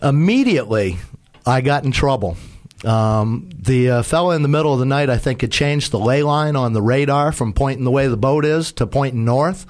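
A man's voice: medium pitch, normal speed. Male, casual storyteller, rambling and self-deprecating, talks about boats. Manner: rambling, self-mocking, acts out quoted shouts. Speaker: sailor telling a sea story.

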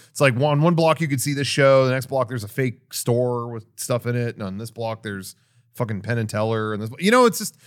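A man's voice: mid-range voice, a bit bright. A man co-hosting a podcast, bantering casually and riffing with wry jokes. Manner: joking, riffs with wry asides. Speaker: podcast co-host.

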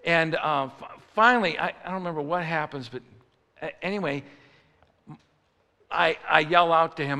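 A male preacher from Chicago tells a comic story with lively animation, occasionally rising into mock outrage. His gravelly, very bright voice sits a little high and moves at a moderate pace, and a long hall reverb trails every line.

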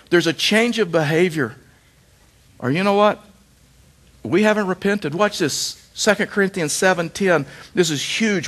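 A man's voice: sits high, a bit bright. A middle-aged man pastor preaching a sermon, with emphatic repetition and rhetorical questions.

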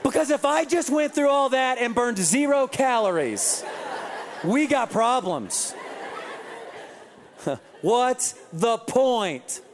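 A man preaching a sermon, telling a funny story with quoted voices and lively asides. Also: very high-pitched, takes it slowly, noisy background. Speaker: pastor. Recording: reverberant hall.

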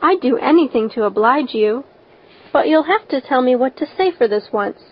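Brief: an eager, chatty, imaginative orphan girl, as a woman reader puts her on. High-ish, dull recording. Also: lively intonation, moderate pace. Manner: eager, talkative, dreamy.

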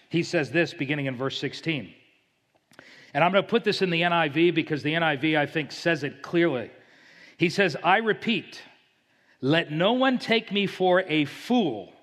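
A man's voice: fairly high pitch, a bit bright, big-room sound. A man preaching an expository sermon, reading scripture dramatically with rising emphasis. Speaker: pastor.

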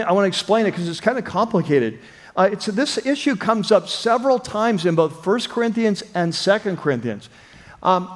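A man's voice: sits high, in a large hall. A male pastor giving an expository sermon in a casual, conversational way, full of fillers and restarts.

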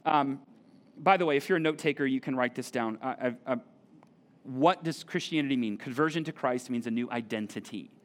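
A man's voice: medium pitch, a little fast. A middle-aged man preaching a sermon in a church, talking conversationally and repeating key phrases for emphasis. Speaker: pastor. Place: church auditorium.

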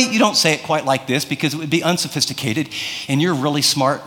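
Male pastor, high voice, casual preaching style, long echo of a big room. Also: quick pace, bright, forceful tone. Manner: conversational preaching with acted-out prayers and anecdotes. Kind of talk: sermon.

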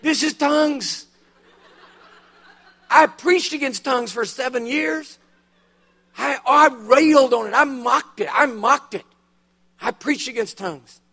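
An older man preaching a sermon as guest speaker, telling his story animatedly, with big swings between loud bursts and hushed solemn passages. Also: unhurried, long pauses. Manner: drops to a hushed, low delivery on solemn points. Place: church conference hall.

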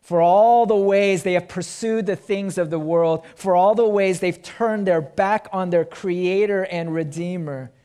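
Slow, emphatic male preacher. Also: high voice, dark tone, clear, resonant tone. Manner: slow, emphatic preaching with swells and drops in volume. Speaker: pastor. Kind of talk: sermon.

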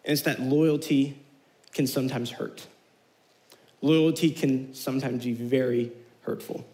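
A young man giving a casual, slangy youth sermon, animated as he retells the story. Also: mid-range voice, a little slow, poor audio. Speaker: youth pastor.

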